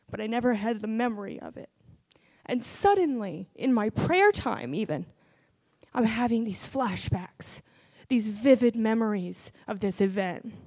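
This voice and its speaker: A woman's voice: fairly high pitch, a little mellow. A woman preaching a sermon and testifying about her own faith, earnest and building to fervent prayer.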